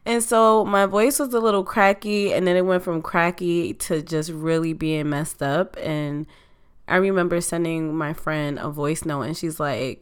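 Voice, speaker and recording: A woman hosting a podcast in casual chat, her voice slightly hoarse and still recovering, speaking in a conversational, reflective way. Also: on the low side. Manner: conversational, reflective, drawn-out delivery. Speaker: podcast host.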